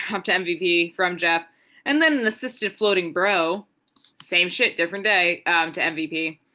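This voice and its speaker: Woman, young adult, podcast co-host, sarcastic, profane, rambling, bright voice. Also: lowish voice. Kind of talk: casual wrestling recap.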